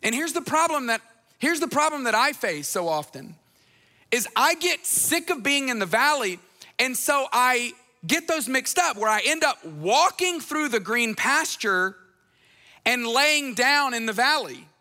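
Male pastor, high bright tenor, earnest and repetitive, hall reverb. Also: very animated, unhurried. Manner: earnest, repeats phrases for emphasis, storytelling asides. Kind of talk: conversational sermon.

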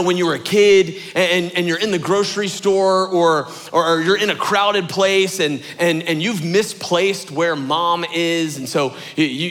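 A young adult man, a lead pastor, preaching a sermon as an animated storyteller who acts out quotes in a high voice. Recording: long hall reverb.

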